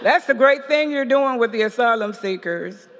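A woman imitating a kindly, gently encouraging male priest in a reverberant church hall. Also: on the high side, expressive, normal speed, voice pushed up. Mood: friendly.

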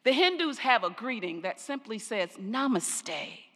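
An older woman pastor preaching a sermon, telling stories slowly and deliberately, her phrase endings trailing off softly. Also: fairly high pitch, very animated. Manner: slow, deliberate storytelling with soft trailing endings. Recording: long reverb of a large hall.

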